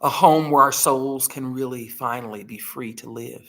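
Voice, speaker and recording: A woman's voice: rumbling low, moderate pace. A woman hosting a live healing challenge, talking earnestly and telling heartfelt stories. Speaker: host. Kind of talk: live motivational healing talk.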